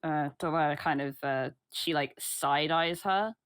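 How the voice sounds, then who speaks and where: A woman playing a tabletop game, describing her actions in a wry, deadpan way. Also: deep voice, a little slow, clear, resonant tone, no room sound. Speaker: player.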